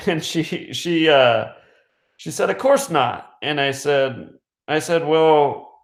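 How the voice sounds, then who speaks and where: Man, casual rambling storyteller, slightly high voice, roomy echo. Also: slow pace. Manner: rambling, frequent fillers and restarts, chuckles. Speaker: radio host.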